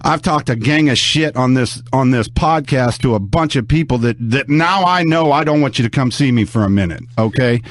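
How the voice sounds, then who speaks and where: A man's voice: mid-range voice, animated, normal speed, few pauses. A man talking casually on a podcast, rambling and swearing, sounding sore and worn out. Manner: rambling, profane, restarts often.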